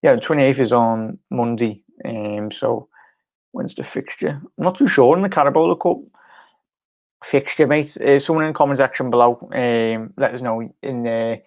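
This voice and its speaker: A man's voice: medium pitch, fairly even intonation, normal speed. A man from Liverpool rambles through a casual live reaction stream. His talk is loose and filler-heavy, and he keeps breaking off to answer viewers' comments by name. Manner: rambling, chatty, many fillers and restarts, reads viewer comments aloud. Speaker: fan channel host.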